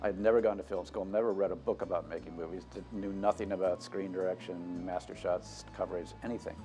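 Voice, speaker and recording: A man's voice: sits low, steady tone, fast talker, mellow, faint music behind. A male film director recalling his first film modestly and hesitantly in an interview. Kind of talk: interview recollection.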